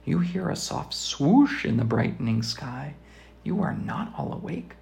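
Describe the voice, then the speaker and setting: Father reading a storybook aloud, very animated pitch and a rough, gravelly texture, sing-song with whispered lines. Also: unhurried.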